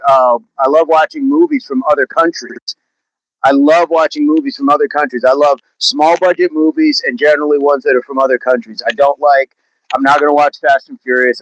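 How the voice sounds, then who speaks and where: Chatty guy on a livestream, kinda high voice, dry close mic, laughs a lot. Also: a bit bright, no room sound, lo-fi sound. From Oklahoma. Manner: chatty, laughs often, slips into put-on accents. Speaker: livestream host. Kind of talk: casual livestream chat reading comments.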